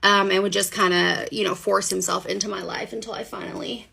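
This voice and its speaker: A woman telling her own story to the camera in a casual, animated, chatty way. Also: mid-range voice, fairly quick, creaky, husky. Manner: animated, chatty, many fillers. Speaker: storyteller sharing a personal story.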